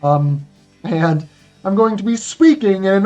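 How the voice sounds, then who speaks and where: A speedrunner introducing a run in a loose, rambling way, piling on fillers and asides. The voice sits at a middling pitch. The recording is slightly muffled and dull, with faint game music playing underneath. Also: expressive, normal speed, warm tone. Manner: rambling and chatty, with many fillers. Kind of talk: casual game commentary.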